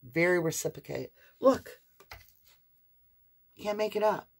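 A woman's voice: fairly low pitch, a little slow, gravelly, husky. Chatty woman giving a tarot reading. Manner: animated, chatty, affectionate, sing-song emphasis. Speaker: tarot reader. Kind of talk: spiritual tarot reading to camera.

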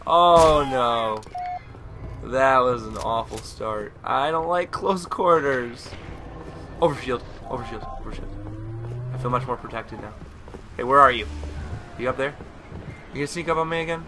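A young man, still a student, commentating his own gameplay, yelping, shouting and swearing at the game. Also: mid-range voice, unhurried, long pauses, music in the background. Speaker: gaming commentator. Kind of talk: casual live gameplay commentary. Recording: loud game sound under the voice. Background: shooter game sounds and gunfire.

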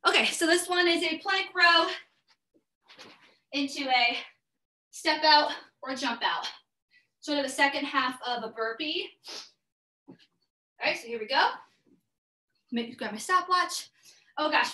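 A woman fitness instructor calls out moves and countdowns in a high, bright, energetic voice, a little out of breath. She sounds set back from the mic in an echoey room, with music playing behind her. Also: recorded from a distance. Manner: energetic coaching with cheers and countdowns. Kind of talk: live workout class instruction.

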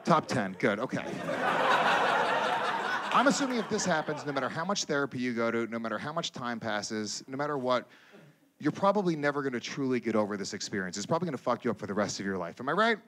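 A male stand-up comedian working a live set. His delivery is crude and animated, and his pitch swings widely as he jumps into shouted impressions. It is a mid-pitched voice with a loose, storytelling rhythm. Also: fast talker, crowd noise. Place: comedy stage before a live audience.

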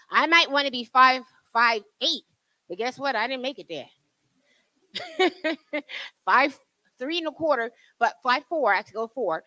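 A woman in her sixties preaches with a Southern accent. Her high voice swoops and climbs with emphasis, bright and forceful. The sound is dry and close. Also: expressive, normal speed, no echo, low-quality recording. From New Jersey. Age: 60s. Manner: emphatic preaching with laughs and audience prompts. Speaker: Bible study teacher. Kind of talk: sermon. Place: church.

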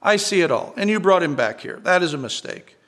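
A man reading the lines of a kindly, forgiving old bishop in a gentle, unhurried way. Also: sits high, animated.

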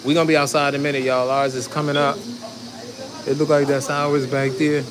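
Here the vlogger's voice sits on the high side, level in tone and brisk, with a crowd audible behind him. He's casually filming food content at a fish market and by his truck, chatting to viewers he keeps calling "y'all," amid loud street and vehicle noise.

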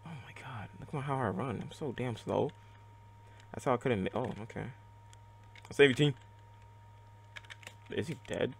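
A man giving live gameplay commentary, excitable and reactive, muttering and swearing at the game as he plays. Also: medium pitch, normal speed, creaky, long pauses, a little hiss or hum. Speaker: let's play gamer.

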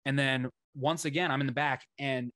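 A man in a casual podcast chat, a band member, tells tour stories from the road as an animated storyteller who swears freely and acts out what other people said. His voice is medium-pitched at normal speed, with no room sound.

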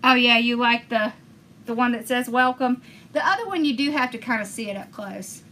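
Bright, chatty woman crafting host. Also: fairly high pitch, moderate pace. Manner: chatty, enthusiastic, talks viewers through each step. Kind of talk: casual crafting demonstration.

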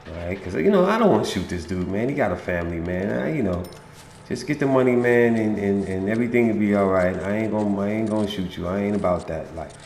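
Gravelly laid-back gamer guy. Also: lowish voice, animated, fast talker, darkish tone, echoey room, slight background noise. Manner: laid-back, slangy, talks to game characters. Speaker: video game streamer. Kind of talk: casual gameplay commentary.

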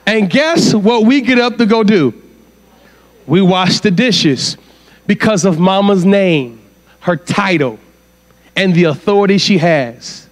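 A man's voice: high-pitched, expressive, slow, long pauses. A man preaching as guest speaker at a church conference, firing rhetorical questions at the congregation. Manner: asks the crowd rhetorical questions. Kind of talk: sermon.

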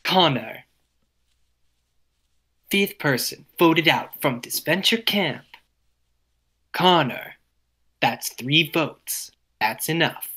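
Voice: mid-range voice, expressive, very slow, pauses often, pushed and bright, slightly rough, exaggerated voice. A podcaster reading as a reality-show host announcing a vote-out. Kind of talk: reading a script aloud among friends.

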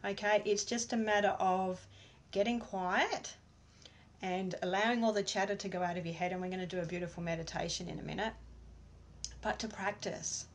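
A woman's voice: medium pitch, steady tone, moderate pace. A woman giving a casual online workshop from home, chatting in a rambling way with many fillers. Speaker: workshop presenter. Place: at home with her dog.

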